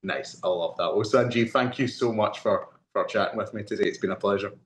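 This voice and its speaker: Man, host, low pitch, encouraging casual chat, echoey room recording. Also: brisk. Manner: encouraging, laughs along often. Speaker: interview host.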